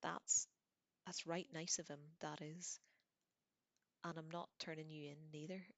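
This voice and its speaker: A woman reading in a whispered role-play, voicing a grieving giant groundskeeper with a halting, choked, way of speaking. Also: sits low, level tone, a bit bright, dry recording. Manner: halting, choked, tearful speech.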